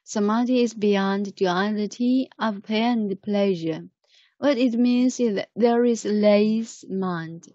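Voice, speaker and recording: A woman's voice: mid-range voice, mellow, no room sound, dull audio. A woman, teaching as she patiently corrects pronunciation and reads a text aloud. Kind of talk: language lesson, reading aloud.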